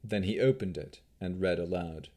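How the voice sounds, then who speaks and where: A man giving scripted audiobook narration with expressive, unhurried storytelling. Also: low-pitched.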